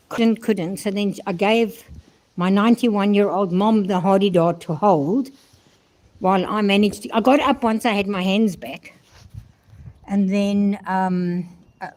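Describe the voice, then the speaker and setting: A vlogger, an older woman from South Africa, speaks in a medium pitch with a darkish tone. Outdoors at a horse stable, she rambles casually and addresses her horses fondly, captured on a handheld phone.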